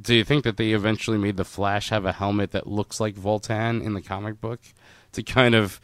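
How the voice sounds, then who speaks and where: A man's voice: on the low side, fairly even intonation, a little fast, fairly bright tone, clear, resonant tone, dry recording, clean studio sound. A man in a casual chat about a movie, joking and sarcastic, laughing often and swearing casually.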